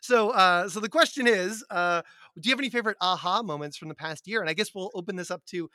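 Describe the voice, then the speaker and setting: A man's voice: high voice, fast talker, sharp tone, dry recording, studio quality. A man hosting a teachers' podcast, chatting casually, joking at his own expense and laughing often. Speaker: podcast host.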